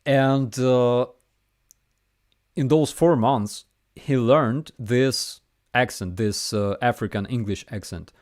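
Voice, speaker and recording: A man with a Ukrainian accent hosting a casual live Q&A and reading chat messages aloud, with a relaxed, hesitant manner and many fillers. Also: medium pitch, slow, no echo, studio quality. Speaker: livestream host answering chat.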